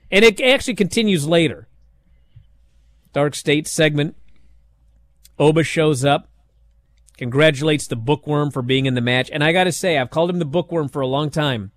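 Animated man recapping wrestling, sarcastic. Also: mid-range voice, moderate pace, no echo. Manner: sarcastic, animated, acts out quotes. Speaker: wrestling show host. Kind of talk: casual recap commentary.

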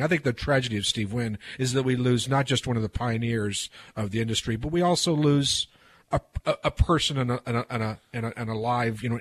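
A man co-hosting a sports talk radio show, talking rapidly with restarts and steering the conversation. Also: medium pitch, a bit bright, husky. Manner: rapid, restarts, drives the topic. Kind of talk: casual studio banter. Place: radio studio. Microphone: studio microphone.

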